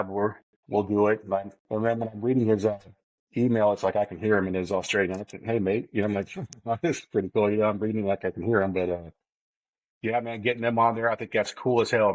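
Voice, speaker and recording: A man's voice: fairly low pitch, darkish tone, no echo, muffled recording. A man hosting a casual podcast, rambling a little. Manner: rambling, fillers and restarts. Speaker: podcast host. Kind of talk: casual chat.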